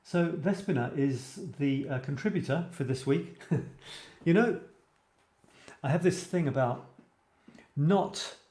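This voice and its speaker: This livestream host's voice sits a little high and has a darkish tone; he takes his time and pauses often. Still chatty and enthusiastic, he reads comments aloud on his live writing show, recorded in an echoey, roomy space.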